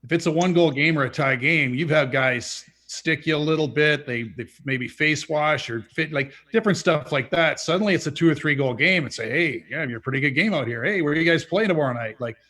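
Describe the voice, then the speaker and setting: A man who played hockey talks in a measured, reflective way about how players behaved on the ice. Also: on the high side, sharp tone. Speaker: former hockey player, panelist. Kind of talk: casual chat.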